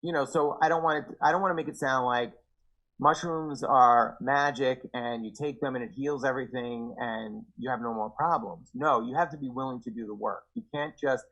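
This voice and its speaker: A young man speaking earnestly and thoughtfully as a podcast guest, growing animated when he quotes himself. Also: medium pitch, moderate pace, muffled recording. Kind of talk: casual conversation.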